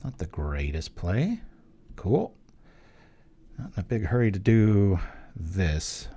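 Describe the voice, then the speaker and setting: A young man commentates casually while he plays, thinking aloud and cracking small jokes as he goes. His voice sits on the lower side and has a mellow, warm tone. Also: sing-song, slow pace, breathy edge. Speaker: channel host playing an online card game. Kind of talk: live gameplay commentary.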